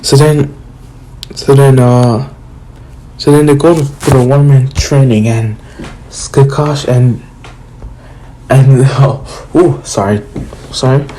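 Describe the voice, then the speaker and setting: A young man retells a fan-made story in a loose, rambling way, stumbling over restarts and fillers. He talks at a slow, unhurried pace in a mid-range voice. A faint background hum runs under him. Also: mid-range voice, fairly even intonation, warm tone, low-quality recording.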